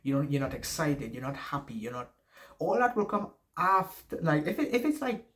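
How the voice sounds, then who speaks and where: A man's voice: on the high side, big pitch swings, moderate pace, fairly bright tone. Male YouTuber, noticeable accent, casual rambling advice monologue with frequent restarts and swearing. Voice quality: noticeable non-native accent. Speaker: YouTuber giving life advice.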